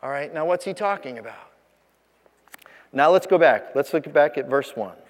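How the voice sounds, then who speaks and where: A pastor with a high voice preaches in an easy, conversational way, leaning hard on key words and tossing rhetorical questions to his listeners. His voice rings out with the long reverb of a large hall. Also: lively intonation, normal speed. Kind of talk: sermon.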